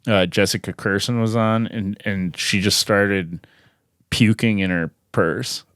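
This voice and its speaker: A man's voice: fairly low pitch, fairly even intonation, measured pace, a bit bright. A man hosting a podcast, asking curious questions and telling a story of his own in casual chat. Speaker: podcast host.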